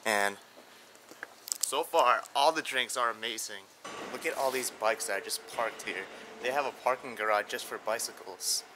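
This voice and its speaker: Excited man with a bright voice. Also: mid-range voice, moderate pace, a little hiss or hum. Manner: excited, wide-eyed, talks to camera while walking. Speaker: urban explorer vlogger. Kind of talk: casual vlog narration. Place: outdoors in a large abandoned theme park.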